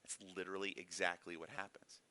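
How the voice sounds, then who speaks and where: A man's voice: low-pitched, flat delivery, fairly quick, pushed and bright. A man teaching a casual Bible lesson in a church classroom, conversational and full of rhetorical questions. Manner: conversational, frequent rhetorical "right?".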